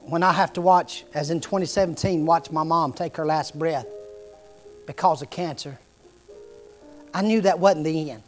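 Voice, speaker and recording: A man's voice: fairly high pitch, normal speed, pauses often, faint music behind. A middle-aged man, preaching a sermon with impassioned storytelling.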